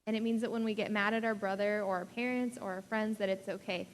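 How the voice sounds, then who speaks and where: A woman's voice: medium pitch, steady tone, quick pace, long reverb tail, slight background noise. A young adult woman pastor giving a sermon in a casual, chatty way, full of "like" and small laughs. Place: church sanctuary.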